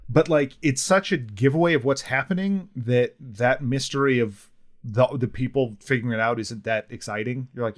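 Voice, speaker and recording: A man's voice: mid-range voice, moderate pace. Blunt, rambling man reviewing a film. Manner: rambling, blunt, many fillers. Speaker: podcast co-host. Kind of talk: casual film review chat.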